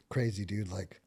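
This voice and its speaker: Profane veteran telling war stories. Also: male voice, fairly low pitch, a little hiss or hum. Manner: profane, filler-heavy, gets animated and loud when reliving tense moments. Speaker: podcast guest, military veteran. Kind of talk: casual conversational storytelling.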